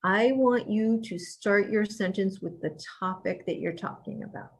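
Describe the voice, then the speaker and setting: A woman's voice: mid-range voice, a little slow. A woman professor leading a writing workshop in a casual lecture style. She talks conversationally, with fillers and restarts, and turns emphatic when she coaches.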